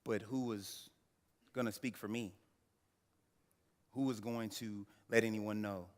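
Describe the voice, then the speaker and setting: A man in his thirties giving a keynote speech, telling a personal story with dramatic pauses and talking straight to the audience. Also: lowish voice, fairly even intonation. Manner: dramatic storyteller who addresses the audience directly. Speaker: keynote speaker. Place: large banquet hall. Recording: echoey banquet hall through a PA.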